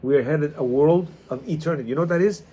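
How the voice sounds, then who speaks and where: Lively male class teacher, high-pitched and husky, preachy and emphatic. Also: quick pace. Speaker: Torah teacher leading a class. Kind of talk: animated class talk. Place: classroom with students.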